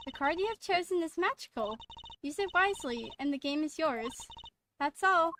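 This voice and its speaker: A woman's voice: high-pitched, animated, moderate pace, fairly bright tone, slight background noise. A woman voicing a cheerful young girl magician, speaking playfully and mysteriously.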